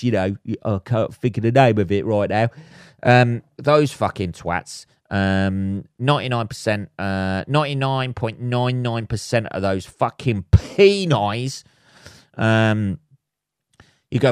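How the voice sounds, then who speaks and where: A man hosting a solo comedy podcast, rambling and swearing with deadpan asides. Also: medium pitch, slow, clean tone, dry recording, studio quality. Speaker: podcast host.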